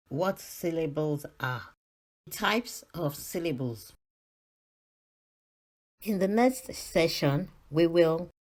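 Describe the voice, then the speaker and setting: A British woman narrating a beginners' reading lesson, carefully sounding out letters and words. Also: sits low. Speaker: reading teacher. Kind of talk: slow scripted lesson narration.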